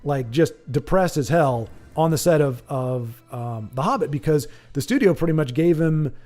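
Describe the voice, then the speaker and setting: A man hosting a casual livestream, reading viewer comments aloud and rambling off on animated tangents with lots of restarts. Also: a little high, normal speed. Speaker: livestream host.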